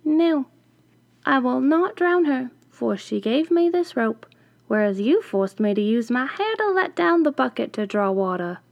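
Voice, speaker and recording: A woman voicing a mistreated woman at a well who firmly refuses the witch, in a slow storybook reading. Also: high-pitched, sing-song, gravelly, dry recording, dull audio, full character voice. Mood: resentful.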